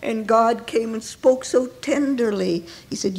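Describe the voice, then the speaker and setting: A woman preacher delivering an emotional sermon in church, dropping to hushed tones and rising to ringing cries. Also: fairly high pitch, measured pace, few pauses. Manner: dramatic, swinging from hushed near-whispers to ringing cries.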